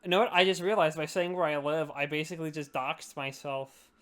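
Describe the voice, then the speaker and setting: Tipsy young guy rambling on a podcast, clear smooth voice, kinda high. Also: brisk, fairly bright tone. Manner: rambling, profane, slurry. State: drunk. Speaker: podcast host. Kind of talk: casual drunk chat.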